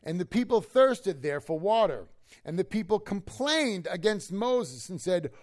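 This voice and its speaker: High-voiced pastor, emphatic then hushed. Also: male voice, very animated, unhurried. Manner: swings between loud emphatic lines and hushed asides; conversational, keeps checking in with the listeners. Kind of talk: expository sermon. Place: church before a congregation.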